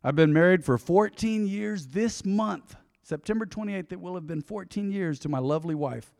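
A man in his forties preaching a sermon to his congregation, folksy and direct, swinging between loud emphasis and quiet intensity. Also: high voice, animated, normal speed, gravelly. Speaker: pastor. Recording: long hall reverb.

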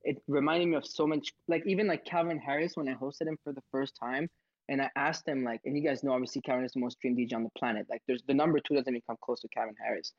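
A man hosting audio rooms, telling stories in a rambling, excitable way and acting out sounds. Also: medium pitch, fast talker, no room sound. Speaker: host of social audio rooms. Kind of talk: casual storytelling answer. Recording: dull, dry audio.

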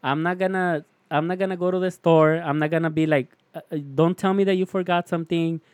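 A young man tells a story in loose, profane slang, dropping "fool" into nearly every line. His voice sits a little high for a man. The sound is dry and close, with little room around it. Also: steady tone, quick pace, a little mellow, smooth, dry recording. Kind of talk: casual storytelling chat.

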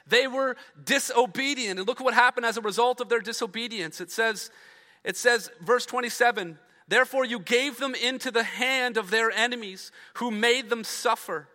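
A man's voice: very high-pitched, normal speed, bright, forceful tone. A man preaching a sermon as a pastor, reading scripture aloud, then explaining it with rising emphasis and trailing drops. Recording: long reverb of a large hall.

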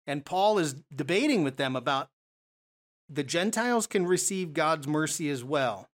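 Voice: medium pitch, expressive, moderate pace. A preacher works through a Bible passage in an easygoing, conversational sermon. The delivery is full of rhetorical questions and mid-sentence restarts.

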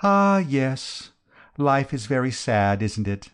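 A man reading an audiobook, voicing a sentimental, dreamy young woman with a breathy, whispery, drawn-out delivery. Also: medium pitch, darkish tone, voice pushed up, lightly acted. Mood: wistful. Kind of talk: audiobook character voice.

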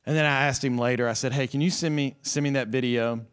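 A man's voice: medium pitch, steady tone, fast, clean tone. A middle-aged man preaching an earnest, impassioned sermon as pastor, repeating his phrases for emphasis. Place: church service. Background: soft music from the band.

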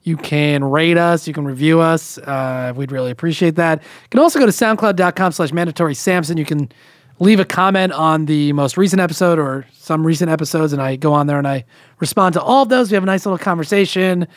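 A young man hosting a podcast, chatting casually and animatedly, quick to laugh and joke. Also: fairly high pitch, dry recording, studio quality. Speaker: podcast host. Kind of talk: casual chat.

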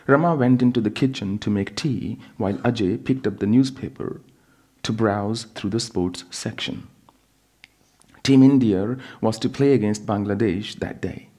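A spiritual teacher reading his own book aloud in a calm, measured storytelling manner. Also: fairly low pitch.

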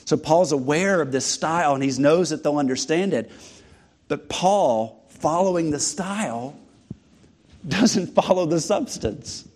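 A man preaching a sermon with a slightly higher than usual voice. He drives his points home with repetition and rhetorical questions, building each point steadily. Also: expressive, unhurried, darkish tone. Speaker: pastor.

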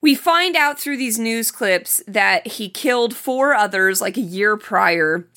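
A woman's voice: medium pitch, lively intonation, slow pace, bright, forceful tone. A woman co-hosting a podcast, casually recapping a film in chatty conversation. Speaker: podcast co-host.

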